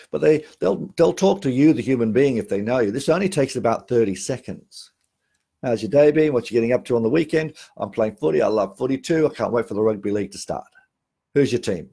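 A man's voice: mid-range voice, a little mellow. A middle-aged Australian man giving a sales training talk on phone calls, emphatic, repeating key phrases and often restarting sentences.

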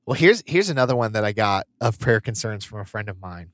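A man's voice: lowish voice, very animated, brisk, no echo, clean studio sound. A man co-hosting a podcast in casual chat, telling stories and laughing often. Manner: chatty storyteller, laughs often. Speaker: podcast co-host.

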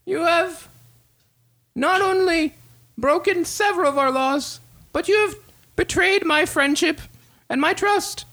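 A man's voice: very high voice, unhurried, pauses often, sharp tone, pitched above the performer's own voice, heavily acted. A man voicing a vain, touchy king who talks pompously and boasts about himself. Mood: stern. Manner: pompous, self-admiring, peevish.

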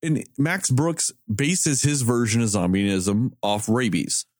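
A man telling stories in casual podcast chat, animated and swearing, quoting people in a raised voice. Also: medium pitch, takes it slowly, dry recording, studio quality. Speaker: podcast co-host.

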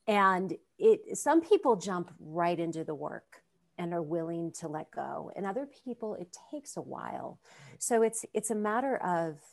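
Woman, coach, lowish voice, thoughtful, encouraging, relaxed chat. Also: unhurried, vocal fry. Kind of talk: casual conversation.

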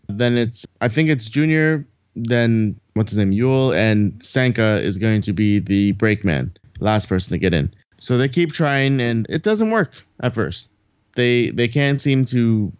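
A man chatting casually on a podcast, retelling a film in a loose, rambling way and putting on the characters' lines as he goes. His voice sits at an ordinary middle pitch. The recording is dry and a little dull, as if it went through a lo-fi chain. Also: clean tone, no room sound. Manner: rambling, swears casually, acts out dialogue. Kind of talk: casual movie recap chat.

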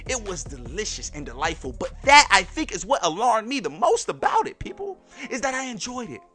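A man hosting a podcast and telling a personal story in a lively, slangy way, talking straight to his listeners. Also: sits high, a little fast, faint music behind. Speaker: podcast host.

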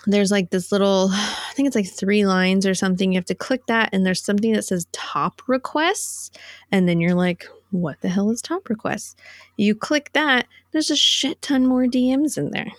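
A woman's voice: medium pitch, normal speed, no room sound, studio quality. A woman co-hosting a podcast in casual chat, rambling and laughing through her asides. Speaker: podcast co-host.

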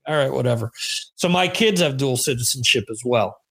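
A man's voice: mid-range voice, animated, brisk, fairly bright tone, husky. A middle-aged man from the United States hosting a podcast, chatting casually in a rambling, joking way. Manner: rambling, self-deprecating, jokey. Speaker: podcast host. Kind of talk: casual chat on a live stream.

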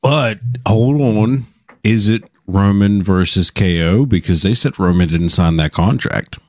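A man's voice: lowish voice, measured pace, darkish tone, no echo. A tipsy man guest-hosting a casual podcast over a video call, teasing the others and swearing. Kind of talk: casual chat.

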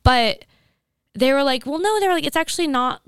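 A woman's voice: sits high, fairly quick, no room sound, studio quality. A young woman co-hosting a podcast, talking casually and leaning on "like" a lot. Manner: chatty, heavy use of "like". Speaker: podcast co-host. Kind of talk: casual chat.

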